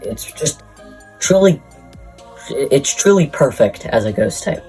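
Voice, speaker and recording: A man's voice: mid-range voice, big pitch swings, takes it slowly, darkish tone, poor audio. A breathless man rambles through casual commentary in a middle voice, tossing out crude, mock-insulting asides. Faint music plays underneath. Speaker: YouTuber ranking Pokémon.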